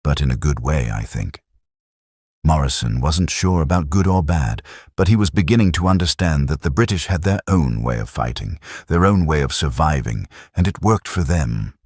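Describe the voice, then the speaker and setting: Deep husky male narrator for a war story, steady, animated inflection, dry close recording. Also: normal speed, few pauses, dry recording.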